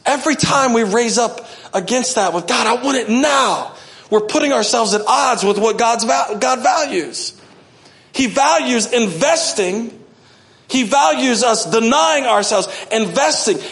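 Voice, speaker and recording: A man preaching a sermon as pastor, animated, often acting out voices and swinging from loud to hushed. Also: extremely high pitch, unhurried. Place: church.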